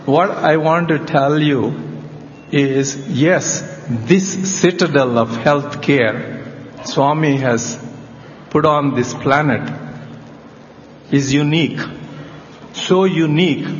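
An older man, a cardiac surgeon, telling a personal story in a slow, reflective way at a talk. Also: fairly high pitch, slight background noise. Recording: dull lo-fi audio with long hall reverb.

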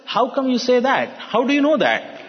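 A man's voice: very high-pitched, sing-song, normal speed, voice pushed up. A man quoting his skeptical, scientific father in a raised, incredulous voice. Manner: rising, incredulous questioning. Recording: reverberant hall, dull sound.

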